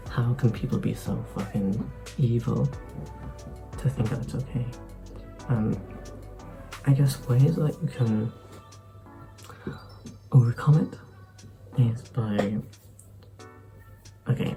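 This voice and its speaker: A man's voice: mid-range voice, measured pace, gravelly, long pauses, music in the background, low-quality recording. A young man from Ireland, rambling loosely through an unscripted vlog talk with sarcastic asides. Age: young adult. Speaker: YouTuber.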